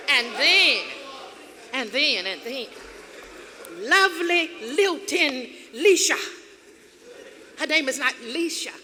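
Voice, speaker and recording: A woman's voice: high-pitched, expressive, takes it slowly, crowd noise, background noise. A woman giving a motivational keynote speech, with dramatic, rhythmic repetition that builds emphasis. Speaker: keynote speaker. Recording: reverberant hall with audience.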